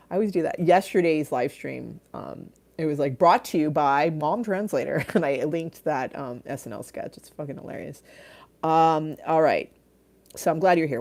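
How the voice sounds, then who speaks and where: A middle-aged woman hosts a casual livestream, reading viewer comments aloud, laughing often, and trailing off mid-thought. Her voice sits low and is a little mellow.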